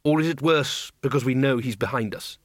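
A man voicing a blustering, brisk head wizard in a storybook reading. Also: medium pitch, no room sound, clean studio sound, lightly acted.

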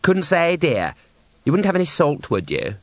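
A man's voice: on the high side, wildly swooping pitch, normal speed, dry recording, voice pushed up. A man reading aloud voices an offhand sword swallower who talks in a breezy, familiar way.

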